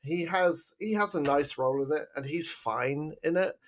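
A man's voice: a little high, normal speed. A man co-hosting a casual film review podcast, upbeat and teasing, laughing easily. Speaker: podcast co-host.

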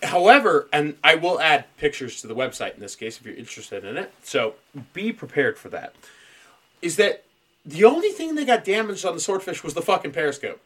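A man's voice: a little high, a little fast. A man hosting a casual podcast, telling a story with lots of swearing and laughter. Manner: profane, laughs a lot, animated storytelling. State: dry mouth. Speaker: podcast host. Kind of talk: casual conspiracy podcast chat.

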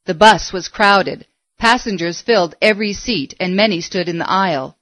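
A woman narrating a story in a steady, measured reading voice. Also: mid-range voice, dry recording.

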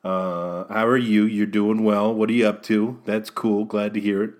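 Chatty rambling podcast host, low voice. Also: male voice, flat delivery, moderate pace. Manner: rambling, self-deprecating, chatty, addresses listener directly. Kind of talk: casual solo podcast chat.

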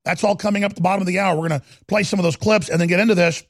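A man hosting a talk radio show, delivering a heated, ranting monologue that swings between loud and quiet. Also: high-pitched, fairly even intonation, racing, no echo, studio quality.

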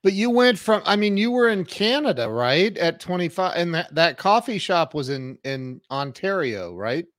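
A man's voice: high voice, big pitch swings, moderate pace, few pauses, a bit bright, no room sound, studio quality. A man hosting a podcast interview, eager and reactive, exclaiming along with the guest. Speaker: podcast host. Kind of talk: casual interview.

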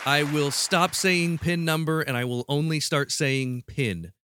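A man's voice: on the high side, a little slow, crowd noise, noisy background. A man hosting a casual podcast quiz, playful and prone to restarting mid-sentence. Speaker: podcast host running a quiz.

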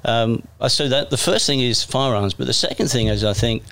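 A man's voice: medium pitch, lively intonation, fairly quick, creaky, fairly bright tone, clear, resonant tone. A middle-aged man with an English accent, telling stories from his life in a casual interview, chatty and self-deprecating, with frequent restarts. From England. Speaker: police officer guest.

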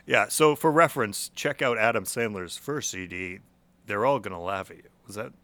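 A man's voice: on the low side, moderate pace, fairly bright tone. A young man co-hosting a podcast in casual chat, joking, laughing often and stumbling over repeated words. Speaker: podcast co-host.

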